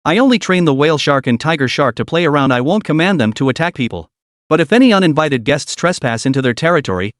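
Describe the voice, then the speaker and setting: Man reading cocky ten-year-old boy streamer, smug, teasing, storybook recap, lively pitch. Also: no room sound, clean studio sound.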